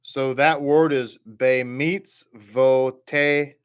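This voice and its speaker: A man's voice: mid-range voice, steady tone, slow, smooth. A man teaching a Hebrew reading class, patiently reading each word and repeating it. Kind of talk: slow word-by-word reading lesson.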